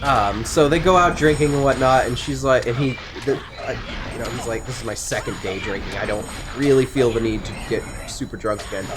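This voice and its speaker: A young man chatting casually, rambling through a long story in an animated, offhand way, breaking off to swear and make asides. His voice sits at an ordinary middle pitch. A faint hiss of background noise runs underneath. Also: a little fast, few pauses. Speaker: co-host. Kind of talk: casual chat while gaming.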